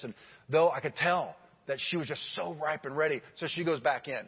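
Animated pastor preaching in a big hall. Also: male voice, mid-range voice, fast talker, slightly rough. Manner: animated storytelling, swings from loud to hushed. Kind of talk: sermon. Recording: dull lo-fi audio with long hall reverb.

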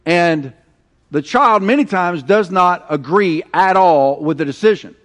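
A middle-aged man preaching a sermon, telling stories with animated, acted-out quotes. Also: sits high, a little slow. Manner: animated storytelling, acting out quoted voices. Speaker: pastor.

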